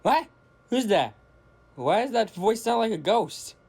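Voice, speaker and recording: A man's voice: sits high, measured pace, creaky, breathy edge, exaggerated voice. A man voicing a startled, anxious male train engine. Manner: anxious, excitable.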